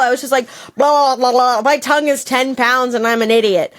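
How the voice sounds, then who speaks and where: Woman, higher voice, animated, laughing, casual storytelling, on a video call. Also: fairly quick, few pauses. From Canada. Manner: animated, laughing, acts out her own quotes. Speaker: storyteller guest. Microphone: on camera, video call.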